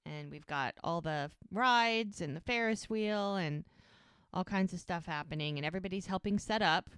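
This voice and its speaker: A woman co-hosting a podcast, casually recapping a TV episode and acting out the characters' lines in quick voices. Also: fairly low pitch, a bit bright, clean tone, no echo. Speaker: podcast co-host.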